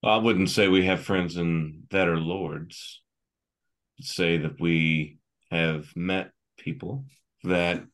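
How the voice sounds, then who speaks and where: Deep slow halting player. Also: male voice. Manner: hesitant, halting with many fillers. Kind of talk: in-character tabletop role-play.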